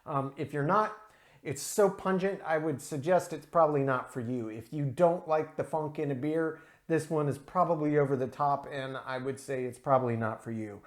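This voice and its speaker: A man's voice: on the high side, moderate pace. Male beer reviewer, enthusiastic, talks through tasting notes with plenty of ums. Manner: enthusiastic, descriptive, frequent um and uh. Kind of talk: casual solo review.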